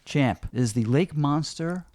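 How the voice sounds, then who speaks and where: A man's voice: a little high, expressive, slow, darkish tone, dry recording. A man co-hosting a casual podcast, speaking hesitantly with fillers. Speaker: podcast co-host.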